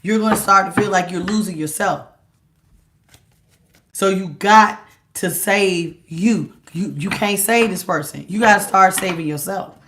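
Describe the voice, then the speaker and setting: A woman giving a tarot reading to her viewers, talking in an animated, emphatic and casual slangy way. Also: mid-range voice, a little slow, a little hiss or hum. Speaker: tarot reader. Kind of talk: direct-to-camera tarot reading.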